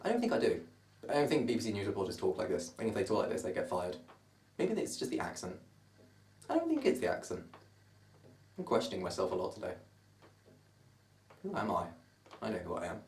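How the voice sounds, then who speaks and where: Low-pitched and darkish, with huge pitch swings, this twenty-year-old from Surrey talks briskly but pauses often as he rambles to camera. His southern English accent colors a self-mocking monologue, recorded from a distance in a roomy bedroom.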